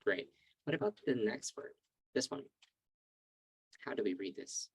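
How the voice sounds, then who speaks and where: A man teaching an online English lesson on a video call, calling on students and patiently repeating words slowly to drill pronunciation. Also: medium pitch, expressive, slightly rough, no room sound, poor audio.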